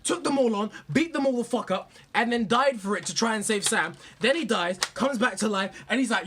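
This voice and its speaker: A young man gushing about movies in a profane, rambling, excited rant. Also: sits high, fairly quick, slight background noise. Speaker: vlogger.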